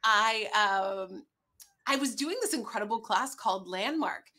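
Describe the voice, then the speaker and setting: A woman who is a guest on an interview show, telling her personal story in an earnest, animated way. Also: mid-range voice, unhurried.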